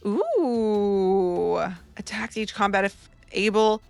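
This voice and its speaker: A woman with a slight cold, opening trading card packs in a bubbly vlog and reading card text aloud quickly. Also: medium pitch, animated, vocal fry, no echo. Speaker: card-opening content creator. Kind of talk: excited pack-opening vlog.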